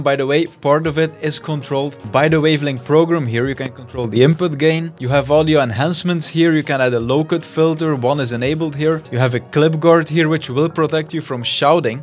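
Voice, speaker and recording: A young man talking casually and with enthusiasm as he reviews and sets up gear at a home studio desk on a studio microphone. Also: fairly high pitch. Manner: enthusiastic, chatty, explains while handling gear. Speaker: tech YouTuber.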